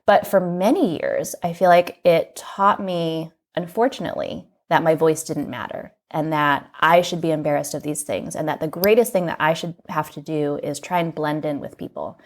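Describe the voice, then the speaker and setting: A woman from the United States, a magazine editor and podcast guest, recounting personal memories in an earnest, reflective way, often filling pauses with "like". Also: sits low. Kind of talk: candid personal storytelling in an interview.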